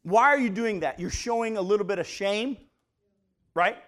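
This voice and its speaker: A man's voice: high voice, normal speed, fairly bright tone. A man preaching a Bible study sermon, talking conversationally and asking his listeners questions as he reads scripture aloud. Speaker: pastor. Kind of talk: teaching sermon.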